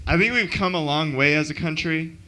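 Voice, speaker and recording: A man doing a deadpan, self-mocking stand-up comedy set at an open mic in a club. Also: fairly high pitch, a little fast.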